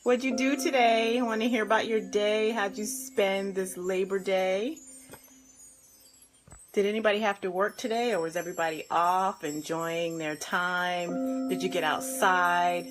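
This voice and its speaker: A woman life and health coach on a live stream, bubbly and effusive, warmly greeting viewers by name and laughing often. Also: mid-range voice, steady tone, a little slow, soft background music.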